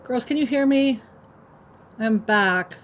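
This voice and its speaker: A woman in her fifties hosts a casual livestream, chatting with viewers in a rambling, filler-heavy way while eating, her microphone set off to one side on her computer. Her voice is on the high side and slow. There's slight background noise.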